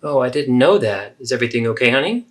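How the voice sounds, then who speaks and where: A man's voice: on the high side, big pitch swings, moderate pace, fairly bright tone. A man voicing a defensive, self-pitying middle-aged mother who deflects and guilt-trips in a therapeutic role-play. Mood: gentle.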